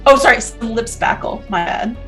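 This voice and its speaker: A woman's voice: on the high side, moderate pace, fairly bright tone, faint music behind. A woman playing a tabletop game and talking casually, with frequent ums. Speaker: player.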